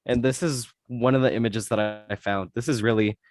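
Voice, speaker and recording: A guest co-host on a fan podcast, chatting casually with enthusiastic, quick reactions. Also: medium pitch, steady tone, darkish tone.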